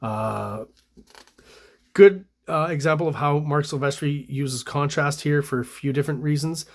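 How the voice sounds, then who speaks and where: A Canadian man and comic artist giving relaxed, rambling commentary on comic art, with frequent fillers and restarts. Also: a little high, measured pace.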